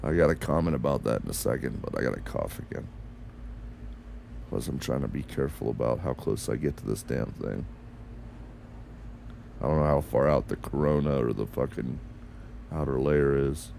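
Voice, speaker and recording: Very deep gravelly American man. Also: moderate pace, long pauses, darkish tone, a little hiss or hum. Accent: mixed American, neither northern nor southern. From United States. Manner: muttering to himself, frequent swearing. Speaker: game streamer. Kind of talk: casual gameplay commentary.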